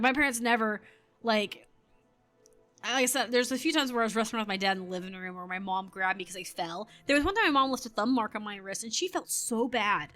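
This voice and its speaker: A woman's voice: fairly high pitch, a bit bright. A woman in her thirties telling a story casually while gaming, rambling and correcting herself, with frequent laughter. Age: 30s. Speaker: gaming streamer.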